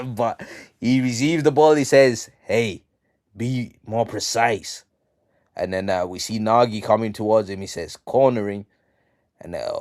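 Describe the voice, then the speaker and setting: A man casually recapping a manga chapter on a live stream, slangy and full of ums, reading the quotes out flat. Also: lowish voice, no room sound, clean studio sound. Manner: slangy, reads out quotes flatly, many ums.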